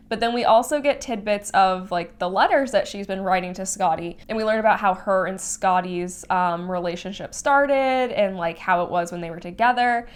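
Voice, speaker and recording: A young woman giving a casual, emotional spoiler review of a novel, talking in a chatty way, often saying "like" and sighing or laughing. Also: medium pitch. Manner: chatty and emotional, heavy use of "like", sighs and laughs. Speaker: book reviewer.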